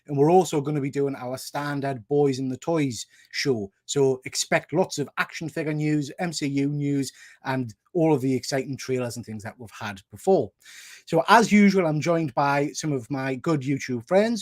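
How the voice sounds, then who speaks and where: A man's voice: fairly high pitch, moderate pace. A man with a Geordie accent hosting a jokey, upbeat livestream chat with friends on a video call. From North East England. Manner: jokey, upbeat, laughs often. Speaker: host.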